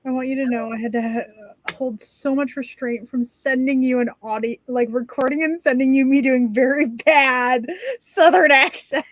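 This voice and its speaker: High-voiced woman in casual chat. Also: fairly even intonation, normal speed, slight background noise. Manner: laughing, reads a comic piece aloud.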